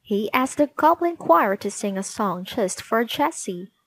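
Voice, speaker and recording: Slow, gentle woman reading a storybook. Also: fairly high pitch, lively intonation. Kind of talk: storybook read-aloud.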